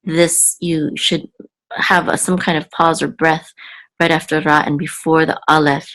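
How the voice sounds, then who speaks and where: A woman teaching a reading lesson, patiently repeating and slowly sounding out each word. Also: low-pitched, little pitch movement, fairly bright tone. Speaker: Hebrew teacher. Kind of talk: explaining a reading lesson to camera.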